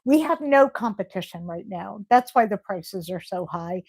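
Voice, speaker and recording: A woman's voice: mid-range voice, expressive, moderate pace, a little mellow, slightly rough. A woman hosting a casual live stream, reading viewer comments aloud and answering them with gushing, emotional praise. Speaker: livestream host.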